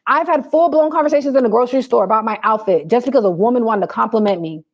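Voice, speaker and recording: A woman's voice: fairly high pitch, quick pace. A woman vlogger giving blunt, preachy advice to her viewers in a casual chat.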